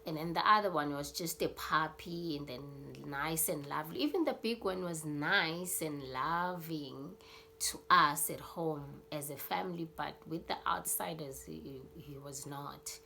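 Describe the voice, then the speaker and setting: South African woman YouTuber, slow and lowish, casual rambling storyteller. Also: gravelly, bright, forceful tone, a little hiss or hum. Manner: rambling, many fillers, acts out scenes.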